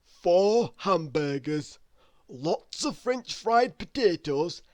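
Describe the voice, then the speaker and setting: A woman's voice: lowish voice, lively intonation, slow pace, a little mellow, dry recording, studio quality. A woman reading the lines of a meek, hungry, greedy man in a storybook.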